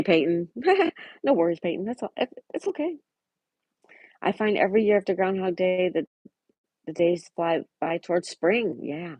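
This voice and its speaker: Woman livestream host, low husky voice, chatty, greets viewers by name, dry close sound. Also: mellow, dry recording. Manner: chatty, reads out chat messages and weather, greets viewers by name. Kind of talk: casual live-chat reading.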